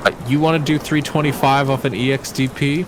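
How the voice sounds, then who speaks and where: A man in casual chat about fighting-game tactics on a stream, animated and laughing with friends. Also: medium pitch, brisk. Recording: loud rain and thunder noise behind.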